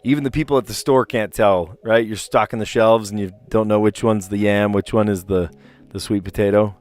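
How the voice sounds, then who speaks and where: Man, low voice, chatty live-stream puzzle talk, rambling, faint music behind. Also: steady tone, a little fast, darkish tone. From New Jersey. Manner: chatty, rambling, reads clues aloud and chats to viewers. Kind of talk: casual live-stream chat.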